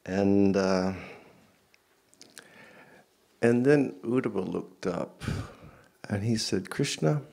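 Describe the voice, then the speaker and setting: Slow, gravelly male storyteller. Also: fairly low pitch, mellow. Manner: rambling, with many fillers. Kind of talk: casual storytelling.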